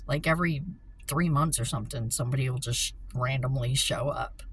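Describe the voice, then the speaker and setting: A woman casually telling a story, animated and excitable, with frequent swearing. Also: extremely low pitch, brisk, slight background noise, rough recording. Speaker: vlogger.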